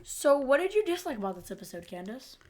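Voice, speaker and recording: A woman's voice: high voice, sing-song, fast talker. A woman co-hosting a podcast in casual chat, laid-back and often laughing along. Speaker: podcast co-host.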